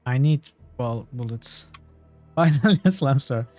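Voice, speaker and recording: A man's voice: medium pitch, expressive, unhurried, a little mellow, faint music behind. A man streaming a game, thinking aloud in casual commentary.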